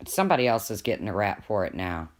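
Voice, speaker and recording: A woman's voice: extremely low pitch, very animated, fast talker. A woman hosting a casual live stream from home, gossiping with viewers and talking to her pets in between.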